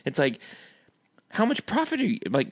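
A podcast co-host chats casually and laughs a lot, his high-pitched voice swooping wildly as he talks at a normal speed. The recording is dry, with a clean studio sound.

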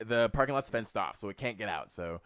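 A man telling a story on a casual podcast, swearing a lot and acting out what people said in a high, excited voice. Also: a little fast, no echo, studio quality. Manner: animated, swearing, acts out quotes in a high voice. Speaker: podcast co-host.

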